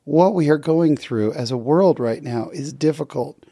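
Earnest man with a mellow, dry voice. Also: a little high, measured pace, dry recording. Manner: earnest, heartfelt, with gentle laughs. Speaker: podcast host. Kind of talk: casual personal reflection.

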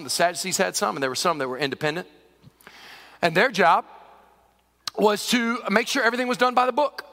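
A man preaching a sermon as pastor, animated and conversational with touches of humor. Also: high-pitched. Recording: long reverb of a large hall.

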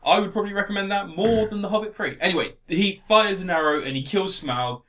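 A man in casual chat, sarcastically retelling a film plot with lots of swearing and animated asides. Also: sits high, fast. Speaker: podcast co-host reviewing a film.

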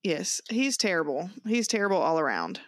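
A woman co-hosting a faith podcast, talking in an animated, quick way and laughing often. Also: on the low side, no room sound, clean studio sound. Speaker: podcast co-host. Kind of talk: casual chat.

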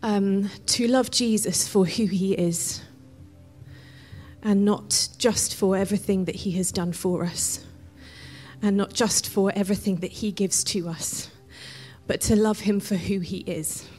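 A woman leading a congregation in prayer and preaching, speaking gently and often dropping to a whisper as she prays. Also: mid-range voice, fairly even intonation, unhurried, faint music behind. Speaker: worship leader and preacher. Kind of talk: sermon with guided prayer.

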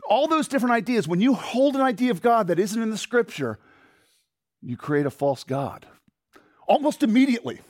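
A man pastor delivers a sermon with a high, very animated voice that leaps up and sinks low. His delivery is emphatic, with sudden quiet asides to the congregation. The sound is dry and close. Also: moderate pace, no echo. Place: church.

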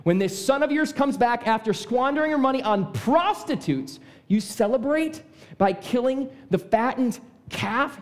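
A preacher acting out a resentful older brother, his voice climbing high and loud with indignation. He sounds bitter and wronged, pressing every complaint hard. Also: in a large hall, lightly acted. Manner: indignant, raised voice. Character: resentful, angry older brother, young man.

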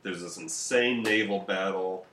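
Low-voiced man joking in a roomy room. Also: unhurried, a bit bright, slight background noise. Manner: joking, profane storytelling. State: tired after a few beers. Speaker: podcast co-host. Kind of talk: casual history podcast chat. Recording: roomy echo.

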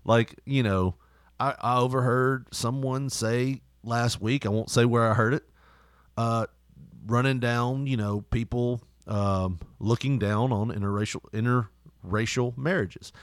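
A man telling stories in casual chat, animated and laughing often. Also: medium pitch, a little slow, clean tone, dry recording, studio quality.

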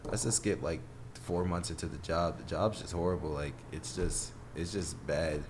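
Deep-voiced young man telling stories. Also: moderate pace, background noise. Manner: laid-back storyteller, acts out quotes in other voices. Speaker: guest. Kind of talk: casual podcast chat.

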